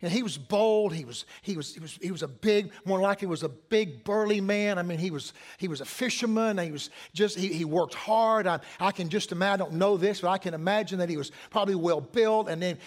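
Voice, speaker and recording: A man's voice: sits high, fairly quick, few pauses. A middle-aged man preaching a sermon as pastor, conversational, repeating phrases and asking the congregation questions.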